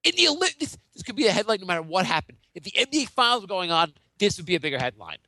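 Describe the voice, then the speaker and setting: Man doing a mock sports pundit, outraged, stammering, sarcastic, bright tone, lively swoops. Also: sits high, racing, no echo, heavily acted. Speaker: podcast host. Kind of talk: mock sports-show rant.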